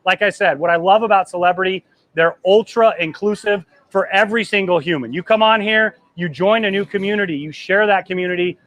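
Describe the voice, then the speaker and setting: A man in his thirties hosting a live travel vlog from the deck of a cruise ship, excited and emotional, his voice trembling and choking up as he rambles. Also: high voice, fairly quick, no room sound. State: trembling, choked up. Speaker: travel agency host.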